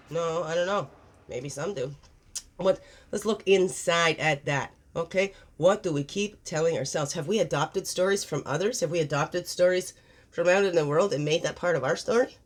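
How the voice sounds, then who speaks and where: A woman's voice: on the low side, moderate pace. A woman hosting a daily spiritual card reading, reflective and encouraging, asking her listeners many questions. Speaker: spiritual guidance host.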